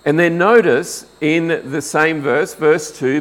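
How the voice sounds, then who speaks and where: A middle-aged man preaching a sermon, unhurried and deliberate, asking his listeners questions and answering them. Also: a little high, steady tone, fairly bright tone, rough recording. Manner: slow, deliberate, rhetorical questions. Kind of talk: expository sermon.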